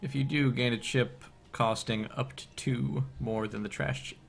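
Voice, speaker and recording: A man's voice: medium pitch, fairly even intonation, normal speed, gravelly. A man co-casting a card game match in an easygoing, joking way. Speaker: co-commentator. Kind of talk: casual game commentary.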